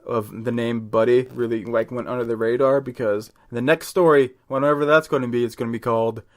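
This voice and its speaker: A man's voice: mid-range voice, steady tone, fairly quick. A man hosting a podcast, narrating a comedy story casually, laughing often and swearing. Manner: laughs often, crude jokes.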